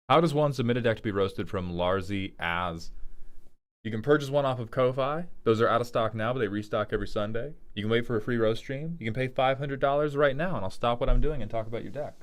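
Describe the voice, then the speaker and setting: A man's voice: fairly low pitch, a little fast. A young man streaming casually, reading viewer messages aloud and answering with rambling, joking talk. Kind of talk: casual livestream chat.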